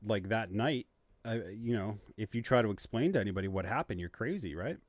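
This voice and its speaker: A man's voice: lowish voice, lively intonation, a little fast, no room sound. A man hosting a casual livestream chat, thinking aloud hesitantly with many ums. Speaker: host.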